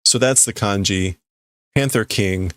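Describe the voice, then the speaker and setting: A man's voice: on the low side, measured pace, a bit bright, dry recording. A man livestreaming as he reads and translates manga in a casual way, thinking aloud and often stopping to correct himself.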